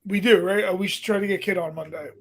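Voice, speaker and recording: A man with a Brooklyn accent and a notably high voice, talking loosely on a podcast. He throws out short, punchy phrases as he breaks down fights with his co-hosts. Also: fairly even intonation, a crowd in the background. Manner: chatty, talks fight breakdowns in quick bursts. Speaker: podcast co-host. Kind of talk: casual podcast chat.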